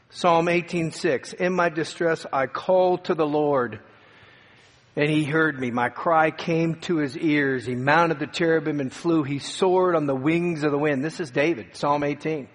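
Fervent male preacher in echoing hall. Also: on the high side. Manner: dramatic preacher, swings from loud cries to hushed tones. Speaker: pastor. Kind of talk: sermon. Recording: long hall reverb.

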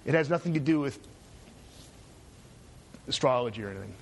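A man's voice: medium pitch, animated, brisk, gravelly, slight background noise. A middle-aged man giving a university lecture, sarcastic and full of joking asides. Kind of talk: classroom lecture.

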